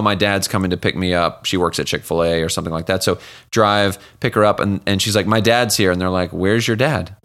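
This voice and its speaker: A man's voice: fairly low pitch, fairly bright tone. Podcast host guy, easygoing and chatty, asks long questions. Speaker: podcast host and adoptive parent. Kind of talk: casual interview chat.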